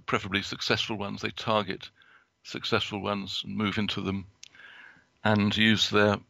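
Halting man with a gravelly voice. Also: on the low side, completely flat delivery, bright, forceful tone, no echo. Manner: halting, with many restarts and fillers. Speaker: guest speaker. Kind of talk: prepared talk from notes.

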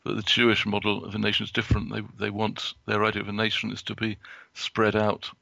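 Halting man with a gravelly voice. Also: fairly low pitch, monotone, pushed and bright, dry recording. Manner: halting, with many restarts and fillers. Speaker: guest speaker. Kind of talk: prepared talk from notes.

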